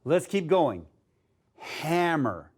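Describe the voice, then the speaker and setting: Casting: upbeat male phonics teacher for kids, slow and animated. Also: a little high, slightly rough. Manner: slow, sounding out letters, upbeat and encouraging. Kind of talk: phonics lesson for young children.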